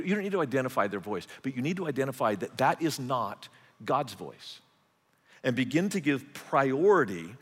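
A man preaching a sermon as pastor, animated and repeating words as he goes. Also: mid-range voice, long reverb tail.

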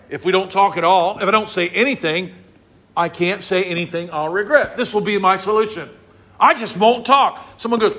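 A man preaching a sermon to his congregation, acting out little scenes and voices as he explains a psalm. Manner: animated, acts out scenes and voices with big pitch swings. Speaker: pastor.

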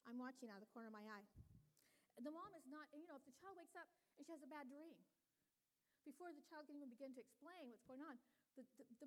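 An older woman gives a sermon in an earnest, personal teaching manner. Her voice sits fairly high for a woman, and she talks to her listeners directly and warmly, like a teacher. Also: lively intonation, quick pace, rough recording. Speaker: women's ministry speaker.

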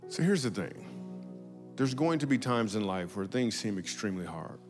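A man's voice: fairly low pitch, normal speed, over music. A man preaching a casual, comedic sermon in a church, telling stories and jokes in a conversational way. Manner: conversational, joking, animated storytelling. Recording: long hall reverb.

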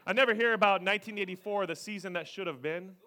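High, bright-voiced male pastor preaching. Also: fast. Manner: animated preaching, swinging from loud emphasis to hushed whispers; acts out voices of people he quotes, joking. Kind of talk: sermon.

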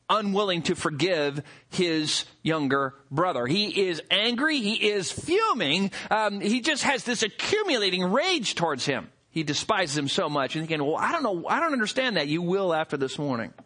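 A male pastor preaching a sermon, reading scripture and explaining it in an animated, conversational way with rhetorical asides. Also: sits high.

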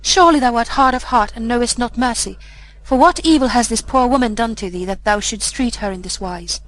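A woman's voice: on the high side, fairly quick, fairly bright tone, natural voice, low-quality recording. A woman reading the part of a stern but kindly woodcutter, with a grave, reproachful manner.

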